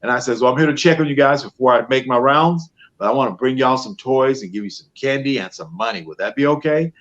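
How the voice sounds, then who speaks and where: A professional Santa answers interview questions over a video call from his home studio, telling stories and acting out what people said. He speaks fast in a mid-range voice, and the highs are cut off.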